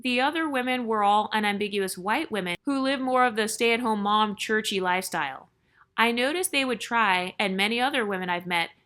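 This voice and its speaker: A woman's voice: medium pitch, pushed and bright. A woman hosting her channel, reading a viewer's story aloud in a chatty way and breaking in with joking asides.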